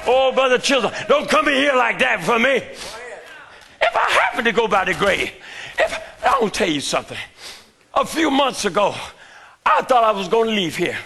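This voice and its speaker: An older man preaching a fervent sermon in a church, shouting his lines and calling out to the congregation. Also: very high voice, big pitch swings, normal speed, vocal fry, breathy edge.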